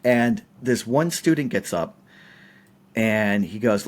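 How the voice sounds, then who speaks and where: Animated male podcast guest storyteller. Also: fairly low pitch, slow pace. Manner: animated, emphatic retelling with fillers.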